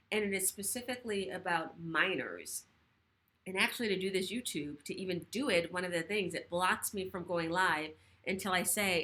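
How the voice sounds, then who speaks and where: A woman sexual health educator hosting a casual livestream chat from her living room, talking fast and animated, swearing casually. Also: lowish voice.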